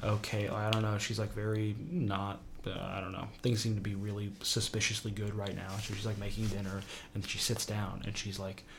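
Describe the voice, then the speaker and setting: A man casually recapping a TV show plot, rambling with lots of fillers and trailing off into quiet mumbles. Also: on the low side, flat delivery, brisk, creaky, few pauses, background noise. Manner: rambling, filler-heavy, drops quiet when quoting characters.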